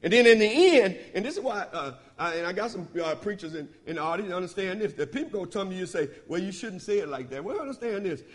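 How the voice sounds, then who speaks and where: A man preaching a sermon in a church, calling out to the congregation and swinging from loud emphasis to hushed asides. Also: sits high, lively intonation, quick pace, few pauses. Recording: long hall reverb.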